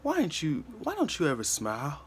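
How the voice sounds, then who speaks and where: An insistent, motherly older woman, as a man puts her on in a raised, lifted voice, coaxing and pushing a child to grin. She sounds warm and urgent at once. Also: a little high, wildly swooping pitch, brisk, slight background noise, pitched above the performer's own voice.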